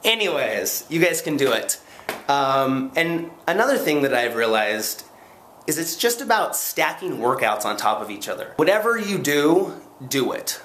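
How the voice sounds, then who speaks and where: A man chatting casually to camera in a vlog, rambling and excitable, sore after a long run, poking fun at himself between plenty of fillers. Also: on the high side, unhurried, a little hiss or hum. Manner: rambling, excitable, self-mocking, lots of fillers. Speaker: vlogger.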